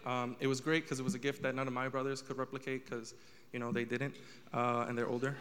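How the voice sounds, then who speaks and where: A man's voice: medium pitch, flat delivery, fast talker, fairly bright tone, big-room sound, slight background noise. A young man doing a stand-up comedy set, telling a story with rising exasperation.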